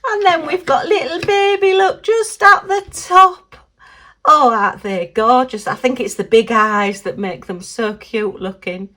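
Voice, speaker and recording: A woman talking casually through an unboxing. She is chatty and quick to exclaim and giggle, and she talks to herself as she works. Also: on the high side, pushed and bright. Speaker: craft vlogger.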